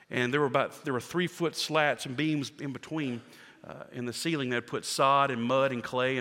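A man preaching a sermon, animated, swinging from loud to hushed and acting out the scenes he tells. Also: medium pitch. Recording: reverberant hall.

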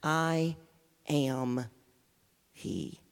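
Preacher doing jesus, calm commanding man, slow solemn lines, long hall echo. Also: mid-range voice.

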